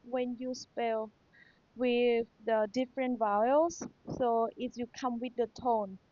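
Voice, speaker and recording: A woman's voice: fairly high pitch, warm tone. A woman teacher with a Thai accent, patiently reviewing material for an exam and repeating key points. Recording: dull lo-fi sound.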